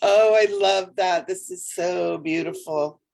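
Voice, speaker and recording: A woman co-hosting a casual spiritual livestream from home, relaxed and rambling with soft laughs, sounding a little tired. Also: lowish voice, takes it slowly, creaky. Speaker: co-host.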